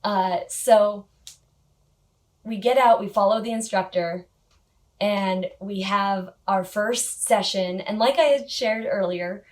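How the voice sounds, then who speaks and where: A woman's voice: mid-range voice, slow pace. Chatty woman vlogger, laughing easily. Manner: chatty, frequent little laughs and filler words. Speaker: motorcycle gear vlogger. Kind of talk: casual storytelling to camera.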